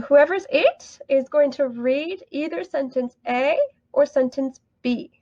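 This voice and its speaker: A woman's voice: sits high, no room sound, dull audio. A woman teaching an online English lesson, upbeat and encouraging, praising students often.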